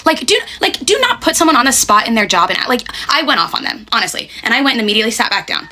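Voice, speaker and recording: Young woman ranting fast, bright punchy voice, swears a lot, keeps going "okay?". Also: on the high side, very animated. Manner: blunt, sweary, emphatic, keeps asking "okay?". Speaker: restaurant server telling a story. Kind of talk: casual storytelling rant.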